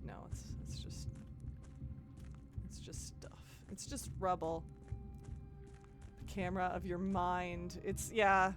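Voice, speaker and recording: A woman's voice: on the low side, level tone, takes it slowly, long pauses, over music. A woman from the American Midwest doing live gameplay commentary as a streamer, musing aloud, giggling and chatting with viewers.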